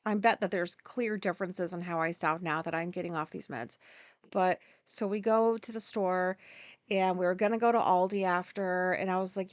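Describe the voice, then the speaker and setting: A mid-range voice at a moderate pace belongs to a podcast host in her forties, heard in a dry recording. She rambles through a casual story monologue, leaning on fillers and frequently stopping to start over.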